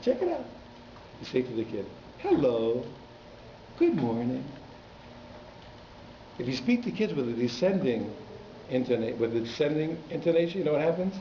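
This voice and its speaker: A man's voice: a little high, very animated, quick pace, a little hiss or hum. A man, a rabbi, giving an informal Torah class to a congregation, talking in a conversational way with teasing asides to the audience. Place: synagogue hall. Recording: echoey hall, slightly muffled.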